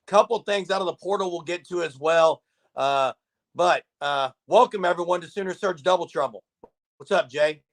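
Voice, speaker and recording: A man's voice: high voice, normal speed. A man hosting a live sports talk show, chatting casually and reading viewer comments aloud. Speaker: podcast host.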